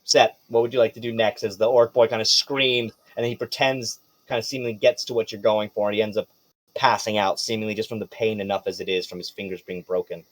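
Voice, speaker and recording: A man's voice: on the low side, level tone, quick pace. A man running a tabletop game as game master, narrating loosely with casual swearing.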